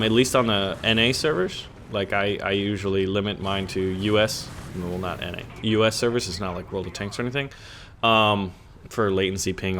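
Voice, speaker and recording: Give me a man giving loose, joking gameplay commentary with a lowish voice. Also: pushed and bright, slight background noise. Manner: rambling and joking, many fillers and restarts. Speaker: gaming channel host.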